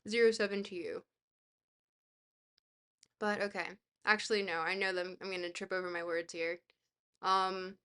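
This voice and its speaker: A woman's voice: medium pitch, level tone, normal speed, long pauses, fairly bright tone, smooth. A woman streaming live, reading a dense book aloud and breaking off to chat, often hesitating with fillers and laughing at herself. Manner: laughs easily, self-deprecating.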